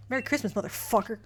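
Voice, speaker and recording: A woman's voice: on the high side, a little mellow, a little hiss or hum. A young woman streaming, casually reading her old letters aloud and mocking her past self, swearing freely. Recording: faint music behind.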